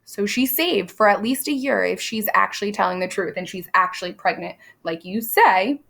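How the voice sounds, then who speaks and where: A woman's voice: mid-range voice, lively intonation, creaky, fairly bright tone. A woman teacher talking through a play in a conversational lesson, tossing questions to students and reading quoted lines aloud. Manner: conversational, with quick asides and quizzing questions. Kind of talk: recorded classroom lesson walking through a play.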